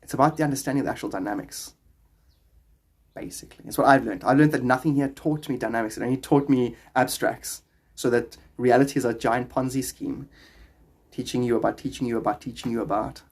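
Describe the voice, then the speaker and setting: A man's voice: mid-range voice, fairly even intonation, brisk, slightly rough. A man streaming from his phone, chatting casually and answering viewer questions, laughing often and rambling playfully. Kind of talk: casual livestream chat.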